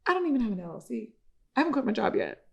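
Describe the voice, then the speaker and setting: Animated woman telling a story. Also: fairly high pitch, rapid-fire, vocal fry, husky. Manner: animated, acts out quoted dialogue, swears casually. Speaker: podcast guest, entrepreneur. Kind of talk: casual storytelling chat.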